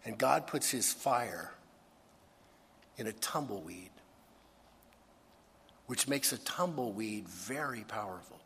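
A man preaching a sermon as a pastor, earnest, dropping to a hush and then rising to emphasis. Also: on the low side, lively intonation, takes it slowly, long pauses, big-room sound, slight background noise. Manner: earnest, shifts between hushed and emphatic.

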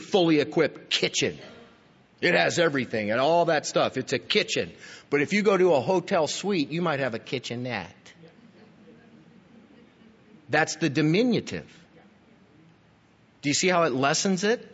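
A man's voice: fairly high pitch, lively intonation, moderate pace, long pauses, fairly bright tone, husky. A man preaching a sermon as pastor, emphatic and teaching, speaking straight to his listeners. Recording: dull, lo-fi recording in a reverberant hall.

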